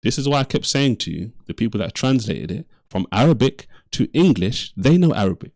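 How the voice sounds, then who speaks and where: A man hosts a heated online debate and keeps pressing his point, cutting in and repeating himself again and again. His voice sits at a middling pitch and comes through dry and close, with no room sound around it. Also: lively intonation, a little fast, a little mellow, no room sound. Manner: interrupts, repeats himself insistently. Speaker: livestream debate host.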